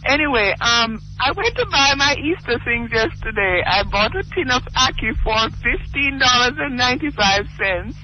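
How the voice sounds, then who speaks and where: A woman from Jamaica with a Jamaican accent, calling in to a radio show and chatting, indignant and quick to laugh. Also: high voice, animated, a little hiss or hum. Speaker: caller. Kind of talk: call-in radio chat. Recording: dull lo-fi phone call on radio.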